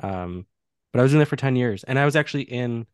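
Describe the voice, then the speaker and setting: A man's voice: mid-range voice, expressive, fast talker, darkish tone, clear, resonant tone, dry recording, clean studio sound. A young man with a Chicago accent, co-hosting a podcast in easygoing casual chat with lots of fillers. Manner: easygoing, many fillers, playful. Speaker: podcast co-host.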